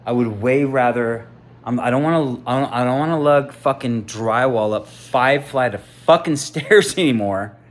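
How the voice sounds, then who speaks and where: A man in his fifties, a contractor, swearing constantly in a personal rant to camera, swinging from loud outbursts to quiet musing. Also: mid-range voice, moderate pace. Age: 50s. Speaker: contractor and aspiring sandwich maker.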